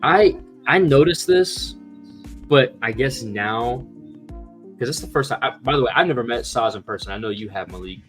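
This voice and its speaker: A man's voice: mid-range voice, lively intonation, normal speed, a bit bright, faint music behind. A man co-hosting a casual podcast, rambling and full of filler words. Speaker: podcast co-host.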